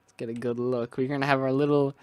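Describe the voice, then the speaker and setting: A man's voice: medium pitch, little pitch movement, quick pace, darkish tone, clean tone, dry recording. A young man giving casual, rambling commentary on his own gameplay, thinking aloud with lots of restarts and asides. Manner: rambling, self-talking, musing aloud with restarts. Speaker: gaming video creator.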